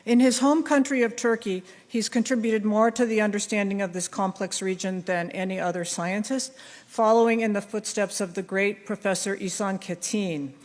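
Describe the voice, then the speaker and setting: A woman in her sixties presenting an award on stage, reading a formal tribute with frequent "uh" pauses. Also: mid-range voice, a little mellow. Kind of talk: formal award citation speech. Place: large hall on stage. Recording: hall reverb.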